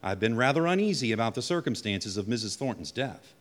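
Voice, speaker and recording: A calm, probing psychiatrist, played by a man in an old radio drama, measured and accusing, his pitch rising and falling very freely. the voice carries a long reverb, as if in a big hall. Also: lightly acted. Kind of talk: 1940s radio acting.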